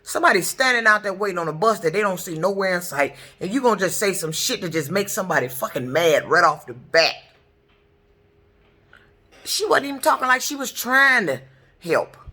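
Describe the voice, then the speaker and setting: A middle-aged woman vents hard to camera, her voice bright and sharp-edged as it swings wide between high and low. She rants in a profane, repetitive stream, circling back to the same points again and again. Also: animated, a little fast. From Detroit, US. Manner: heated, profane, repetitive ranting. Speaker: truck driver. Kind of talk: angry ranting vlog.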